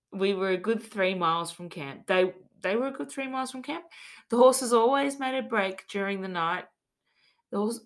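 A woman hosting a podcast, telling a spooky local legend in a chatty, giggly way and reading out old quotes with asides. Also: medium pitch. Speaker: podcast host. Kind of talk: casual storytelling chat.

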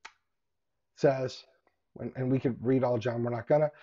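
A man delivering an online sermon in an animated, casual way, with colloquial asides and hushed emphasis. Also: medium pitch, measured pace. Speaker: preacher. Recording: dull lo-fi recording.

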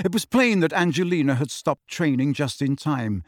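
A male audiobook narrator reads scripted narration in an expressive storytelling manner. His voice is a little high at normal speed, recorded in studio quality with no room sound.

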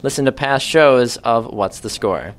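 A young man hosting a sports quiz, reading questions and tossing in quick joking asides. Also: mid-range voice. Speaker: quiz host. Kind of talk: casual quiz hosting with banter.

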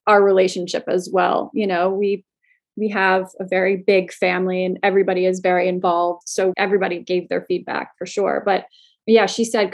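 A woman from Florida talks about starting her clothing line in a relaxed interview. Her pitch sits in a middle range, and she tells her stories in a loose, animated way, full of fillers and quick laughs. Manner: chatty, animated, laughs often, many fillers. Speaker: clothing brand co-founder. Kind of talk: casual interview storytelling.

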